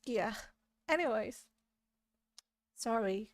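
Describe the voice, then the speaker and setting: A woman's voice: on the high side, lively intonation, slow, dry recording. A woman with an Indonesian accent streaming a game in a giggly, apologetic way. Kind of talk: casual live-stream chat.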